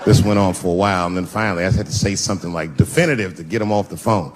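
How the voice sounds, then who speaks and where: A man's voice: sits low, rapid-fire, a faint crowd. A middle-aged man doing stand-up comedy, telling a profane story and acting out the people in it.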